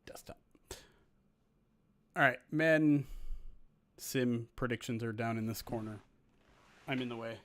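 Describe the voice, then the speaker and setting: A man streaming a football video game simulation, chatting casually with viewers, laughing at himself and calling the plays. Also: medium pitch. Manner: chatty, self-mocking, quick to laugh. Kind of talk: casual live-stream chat and play-by-play.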